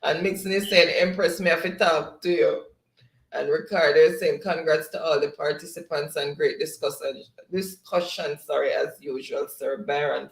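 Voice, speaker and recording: Chatty Jamaican woman in an echoey room. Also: low-pitched. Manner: chatty, laughs often. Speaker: livestream host. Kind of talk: reading viewer chat aloud.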